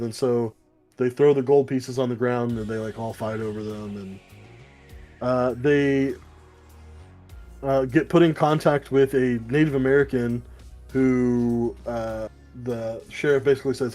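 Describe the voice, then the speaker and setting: A man's voice: medium pitch, level tone, darkish tone, faint music behind. Rambling, profane man recapping comics. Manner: rambling, profane, acts out characters in quick asides. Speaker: podcast co-host. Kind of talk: casual comic book review chat.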